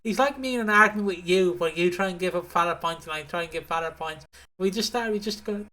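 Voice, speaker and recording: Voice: medium pitch, quick pace, sharp tone. A co-host on a podcast, amused, retelling soap scenes with mocking bits. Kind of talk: casual chat recapping a soap.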